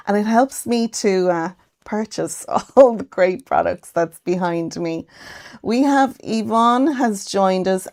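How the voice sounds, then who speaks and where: A woman's voice: mid-range voice, darkish tone. An Irish woman hosting a casual craft livestream from her home craft room, chatting and greeting viewers by name. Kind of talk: casual live-stream chat.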